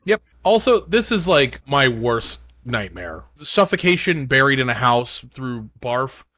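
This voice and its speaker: Man, podcast co-host, sharp bright voice, dry close sound, emphatic. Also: mid-range voice, sing-song, a little slow, no room sound. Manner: emphatic, swearing. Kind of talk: casual chat.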